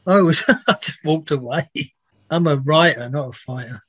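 A man's voice: on the high side, normal speed, fairly bright tone, breathy edge, no room sound. A man, a music biographer, telling rambling, laughing anecdotes with some swearing in a casual interview. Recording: dull, dry lo-fi sound.

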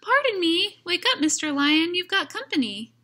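A tiny male mouse from a storybook, squeaking and timid yet working up his courage. His voice sits high and sharp, as a woman reading aloud puts him on. He speaks in eager little bursts. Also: big pitch swings, normal speed, heavily acted. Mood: nervous.

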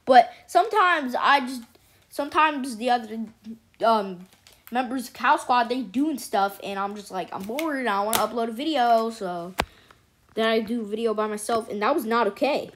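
Woman host, chatty game commentary, fairly high voice, faint hiss behind. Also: normal speed. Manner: excitable, chatty, cheering at wins. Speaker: gaming channel host. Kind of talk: casual let's-play commentary.

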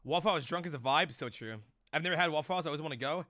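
A man's voice: fairly high pitch, very fast, pushed and bright, dry recording, studio quality. A young man streaming live, chatting loosely with chat in rambling, profane slang.

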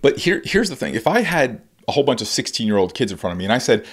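A middle-aged man talks through a solo coaching podcast at a mid-range pitch. He speaks in a lively, conversational way, often restarting his sentences. He mimics the players and coaches he quotes with sudden jumps in pitch. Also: fast talker, hardly any pauses, breathy edge. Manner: frequent restarts and repeated words. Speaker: podcast host and baseball coach.

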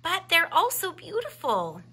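A woman's voice: very high-pitched, huge pitch swings, measured pace, bright, forceful tone, pitched above the performer's own voice, heavily acted. A woman voicing a kind, cheerful big sister bear who comforts her brother in a storybook read-aloud. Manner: bubbly, reassuring, firm.

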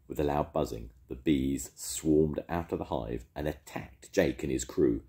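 An older man, a storytelling grandad, reading a children's story aloud with expressive delivery. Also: very deep voice, a little slow, few pauses.

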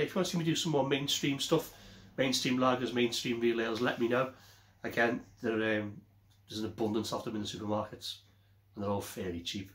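A man's voice: mid-range voice, fairly even intonation, brisk, a bit bright. A man casually reviewing a beer on his vlog, rambling and often correcting himself. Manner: rambling, self-correcting, chatty. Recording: echoey room.

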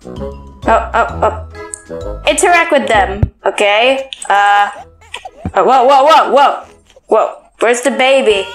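Woman, high-pitched, excitable, scolds the baby in the game, echoey room, soft game music. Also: takes it slowly, long pauses. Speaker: let's play gamer. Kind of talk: casual gameplay commentary. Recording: roomy echo.

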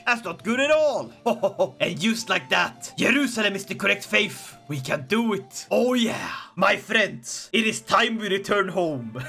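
A man giving playful, excitable let's play commentary as a gaming video creator, joking and laughing often. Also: high voice, a little slow, vocal fry, few pauses, husky, soft background music.

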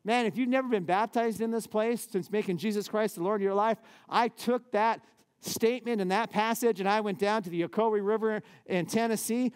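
A man, a pastor, preaching a lively sermon in a church with casual, conversational asides. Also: sits high, brisk.

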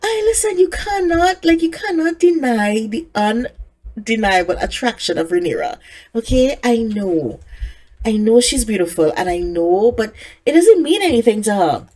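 A woman's voice: a little high, very animated, moderate pace, darkish tone. A woman giving casual let's-play commentary, chatting away and talking to the game characters. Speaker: gaming creator.

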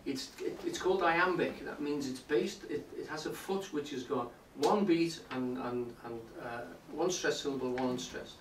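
A lecturer speaks on poetry to a live audience indoors, explaining step by step and often checking in with listeners. He talks at normal speed with few pauses in a voice on the high side, captured in a roomy, distant recording with faint hiss.

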